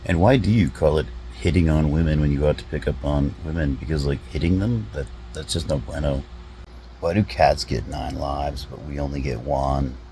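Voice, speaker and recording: A man, a comedy vlogger, rambling through deadpan rhetorical questions with drawn-out pauses. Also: rumbling low, a little hiss or hum, rough recording. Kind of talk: deadpan musing monologue.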